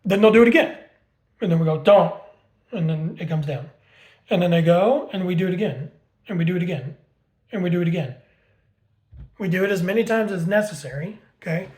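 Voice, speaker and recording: A man's voice: high-pitched, fairly quick, long pauses, a little mellow. Blunt, swearing man explaining dog training. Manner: blunt, swears freely, explains with homemade analogies; repeats words for emphasis. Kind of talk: casual teaching talk.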